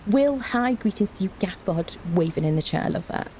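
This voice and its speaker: A woman's voice: mid-range voice, lively intonation, a little fast, dark tone, a little hiss or hum. A woman with a cold, chatting playfully with her live-stream viewers and greeting them by name from home. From Britain. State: has a cold. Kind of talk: casual live-stream chat. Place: indoors at home.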